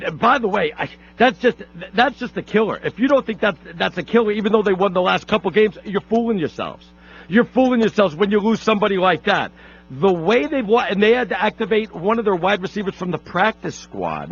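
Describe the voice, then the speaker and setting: A man's voice: high voice, fairly bright tone, breathy edge. Brash, boastful male sports radio host. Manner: brash, boastful, stammering restarts. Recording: dull lo-fi radio broadcast.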